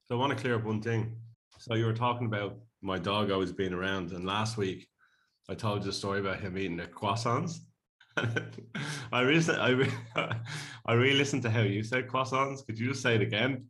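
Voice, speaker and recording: Podcast co-host, male, lowish voice, relaxed and jokey. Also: normal speed. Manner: laughs often, relaxed and joking. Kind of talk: casual podcast chat. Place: Bondi home.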